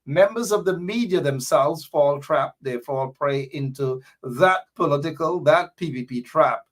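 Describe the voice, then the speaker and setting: A man's voice: fairly high pitch, a little slow. A man from Guyana with a Guyanese accent, hosting a radio talk show in a rambling, chatty way with many fillers.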